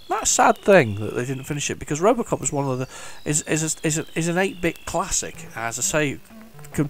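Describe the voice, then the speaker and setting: A man giving casual, enthusiastic commentary while playing an old computer game, rambling and restarting his sentences. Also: mid-range voice. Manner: hums the game tunes along. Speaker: retro gaming video host. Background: faint retro game music.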